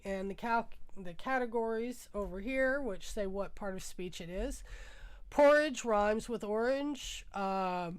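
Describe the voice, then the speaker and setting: A woman's voice: medium pitch, darkish tone, smooth. A woman hosting a music livestream, musing aloud as she browses, tired and congested from a sinus infection. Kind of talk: casual livestream chat.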